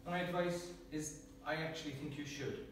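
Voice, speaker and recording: A man's voice: a little high, steady tone, moderate pace, a little hiss or hum. An Irish man giving a prepared humorous speech at a speaking club, joking and self-deprecating, often chuckling at his own lines. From Ireland. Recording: very echoey room, distant mic.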